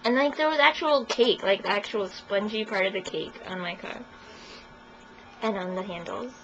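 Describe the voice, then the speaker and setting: A woman's voice: mid-range voice, moderate pace. A young woman telling a story in a casual interview, chatty and giggly, full of "like". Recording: muffled recording with faint hiss.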